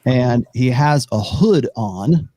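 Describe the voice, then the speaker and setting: A man running a tabletop role-playing game as game master. He sets scenes in slow descriptive narration, at an average pitch. The sound is dry and close. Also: lively intonation, mellow, no room sound.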